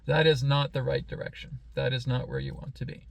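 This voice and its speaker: A man speaks as a spiritual teacher in a slow, calm, meditative way. His voice is gravelly and keeps an even, level pitch. He talks in a reflective, teaching manner. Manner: playfully mimics excited voices.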